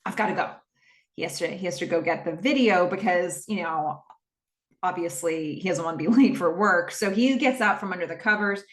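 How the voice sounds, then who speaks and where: A woman's voice: lowish voice, brisk, echoey room. A woman hosting a podcast, casually retelling a TV episode scene by scene and quoting the characters as she goes. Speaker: podcast host.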